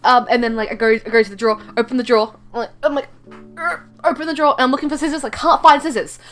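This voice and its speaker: Young woman, high-pitched, rambling storytime chat, lots of fillers, faint music behind. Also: steady tone, racing, a bit bright. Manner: rambling, filler-heavy, self-mocking. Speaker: streamer telling a story. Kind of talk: casual storytime.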